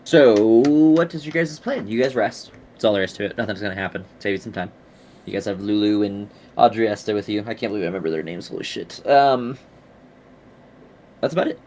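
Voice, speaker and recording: A man's voice: lowish voice, darkish tone, slight background noise. Casual, swearing game master man. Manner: casual, profane, quick asides. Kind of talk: running a tabletop game.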